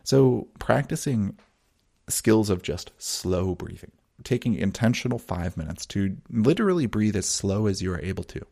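A man guides listeners through breathing practice in a calm, measured monologue. His voice sits fairly low with a gravelly, fried texture. He talks in a soothing way and leaves long pauses. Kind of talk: teaching monologue.

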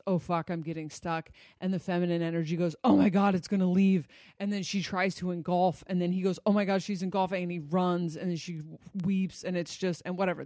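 Gravelly-voiced blunt relationship coach. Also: medium pitch, dry recording, clean studio sound. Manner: blunt, swears freely, loose and conversational. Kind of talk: casual monologue to an audience.

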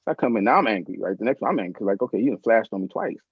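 Fast-talking husky man telling stories. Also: fairly low pitch, no echo. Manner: animated, acts out voices in his anecdotes. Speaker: interview guest. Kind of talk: casual storytelling. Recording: slightly muffled dry recording.

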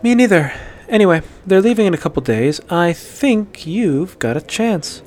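A man's voice: sits high, expressive, normal speed, a little mellow, pitched above the performer's own voice. A man voicing a mischievous, tipsy woman warrior with slurred, sarcastic speech.

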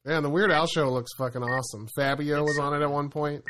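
A man in casual podcast chat, loose, swearing and quick to laugh. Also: a little high, fairly even intonation, a crowd in the background.

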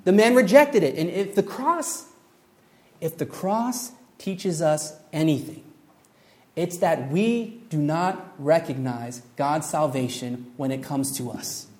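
A man preaching a sermon, telling a story with lively acted-out voices, building to emphatic points. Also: a little high, takes it slowly. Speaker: pastor.

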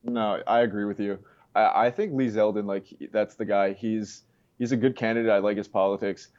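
A man talking politics in a casual chat, halting, with lots of fillers and "you know". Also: on the low side, fairly even intonation, darkish tone, lo-fi sound. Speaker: street interviewer guest.

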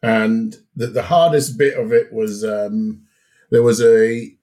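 A middle-aged man with a Jamaican accent mixed with British, telling stories as a guest in a casual conversation, relaxed and often laughing. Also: on the low side, slow pace. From Jamaica and England. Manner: relaxed, laughs often, repeats words as he restarts. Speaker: podcast guest.

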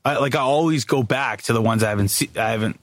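A man's voice: mid-range voice, fast, dry recording. A man co-hosting a podcast in casual chat, rambling with lots of restarts and filler words. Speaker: podcast co-host.

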